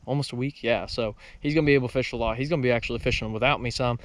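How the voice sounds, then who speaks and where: A young man hosting a fishing vlog, excitable and flustered as he talks to his viewers outdoors. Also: medium pitch, racing, no room sound. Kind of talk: casual fishing vlog talk. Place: outdoors by the water. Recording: noisy outdoor recording with wind.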